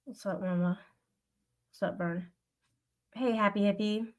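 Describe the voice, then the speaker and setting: A woman's voice: mid-range voice, steady tone, unhurried. A woman livestreamer venting to her live chat, upset and swearing in an aggrieved rant. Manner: aggrieved, profane ranting.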